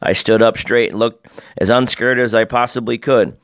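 A man giving expressive first-person storybook narration as an audiobook narrator. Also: mid-range voice, moderate pace, no echo, studio quality.

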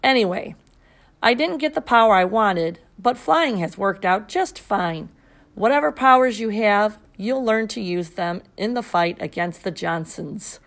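A woman reading an audiobook voices a middle-aged father who talks in booming, commanding speeches. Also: animated, measured pace. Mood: rallying. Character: boisterous pompous superhero dad, middle-aged man. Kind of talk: audiobook character voice.

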